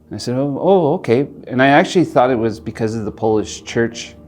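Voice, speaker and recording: A middle-aged man telling a personal story in an interview, earnest and reflective, pausing and restarting as he speaks. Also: medium pitch, faint music behind. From Alberta, Canada. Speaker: interviewee, community leader.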